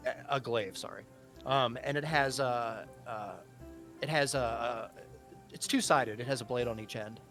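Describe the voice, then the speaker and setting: A man narrating as game master of a tabletop game, halting and full of fillers and restarts. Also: medium pitch, a bit bright, soft background music.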